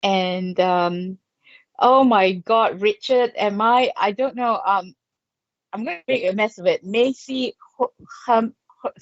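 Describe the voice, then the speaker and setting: A woman's voice: mid-range voice, slow pace, no echo, lo-fi sound. A woman in her fifties from Malaysia, a psychic artist chatting casually on a livestream and greeting viewers by name with frequent laughs. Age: 50s.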